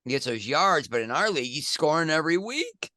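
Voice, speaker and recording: A middle-aged man co-hosting a casual sports podcast, jokey and animated, with loud excited outbursts. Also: on the high side, a little fast, no room sound, studio quality. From United States. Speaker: podcast co-host.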